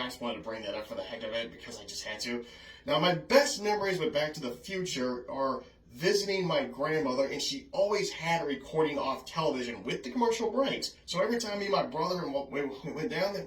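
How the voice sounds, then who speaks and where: A man's voice: mid-range voice, fairly bright tone, recorded from a distance. Casual male vlogger, rambling and apologetic, recorded in an echoey room away from the mic. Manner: chatty, apologetic, frequent "oh, goodness" and chuckles. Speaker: film reviewer vlogger. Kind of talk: casual rambling film memories.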